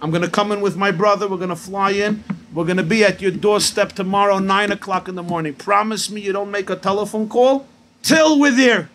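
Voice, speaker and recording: A man's voice: high-pitched, steady tone, fairly quick, fairly bright tone, a little hiss or hum. A man voicing a grown daughter, a nurse, who scolds her father firmly and takes charge. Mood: scolding.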